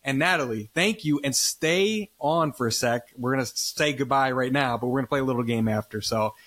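A man's voice: medium pitch, brisk, a bit bright. A man hosting a podcast in a casual interview chat, talkative and often tagging lines with "right?". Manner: chatty, says "right?" often. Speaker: podcast host. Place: based in Los Angeles.

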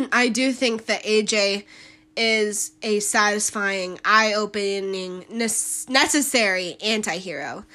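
A woman's voice: medium pitch, takes it slowly, pushed and bright. A woman hosting a solo podcast, talking bluntly and emphatically in a casual commentary style. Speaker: podcast host.

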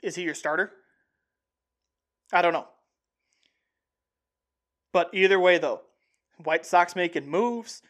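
A young man hosting a sports show, talking casually and excitedly in a rambling way with many restarts. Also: high-pitched, slow, pauses often. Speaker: sports podcast host. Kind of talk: casual sports talk monologue.

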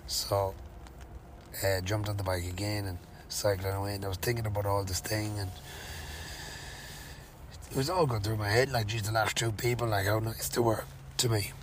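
An Irish man recounts his day on the bike in a loose, sweary, meandering way, with plenty of fillers and slang. His voice sits low and stays fairly flat. A faint hiss of noise runs underneath. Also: moderate pace, pauses often, low-quality recording. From Ireland. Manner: rambling, sweary, lots of fillers. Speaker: touring cyclist vlogger. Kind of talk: casual storytelling.

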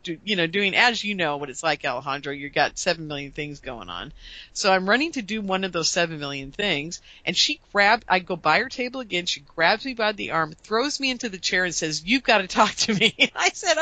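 A woman guest recounts events in an animated, storytelling way, often lifting her voice to act out quoted dialogue. Her tone is bright and forward. The sound is dry and close. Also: no echo. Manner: lively, acts out quoted dialogue with raised pitch. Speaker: guest, UFO conference producer.

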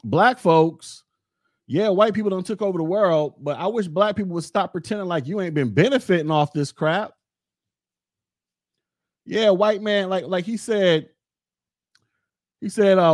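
Man, high voice, dry close sound, blunt rambling podcast monologue. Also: moderate pace, dry recording. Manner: blunt, rambling, talks straight to listeners. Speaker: podcast host.

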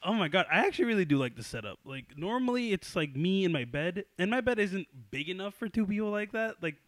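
A young man hosting a casual podcast chat, excitable and swearing often, breaking into loud laughter. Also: high voice, fast talker, no room sound. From New York. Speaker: podcast host.

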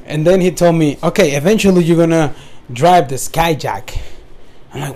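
Young man, fairly high voice, rambling casual storytelling, lots of restarts. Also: normal speed, a little mellow. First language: Spanish. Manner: rambling with frequent restarts and asides. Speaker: storyteller recounting his work. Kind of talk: casual first-person storytelling.

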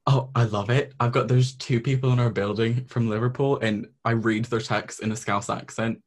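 A man's voice: mid-range voice, steady tone, moderate pace. A young man from Scotland whose accent mixes Scottish, American and English, chatting casually as a guest and saying "like" a lot. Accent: mixed Scottish, American and English. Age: young adult. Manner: chatty, says "like" often. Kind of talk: casual chat.

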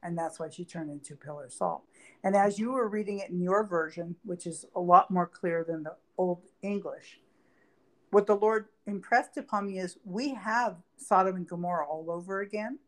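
A woman with a fairly low voice reads old Bible verses aloud on a podcast. She then explains them in a plain, conversational way. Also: moderate pace. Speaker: podcast co-host. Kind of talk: Bible study talk.

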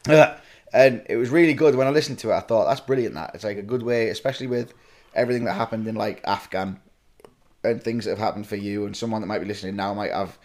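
Man, low-ish voice, podcast co-host, joking storyteller. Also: fast talker, a little mellow. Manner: banter-filled, joking storyteller. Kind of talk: casual chat.

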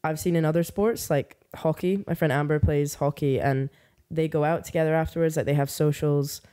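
A young woman, a podcast guest chatting casually and telling animated, sarcastic stories. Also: low voice, brisk. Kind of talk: casual chat.

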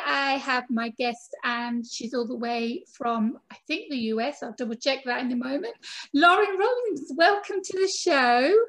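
A woman's voice: high voice, fairly bright tone. A woman hosting a podcast interview, chatty and a little rambling as she introduces and questions her guest. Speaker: podcast host. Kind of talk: casual interview chat.

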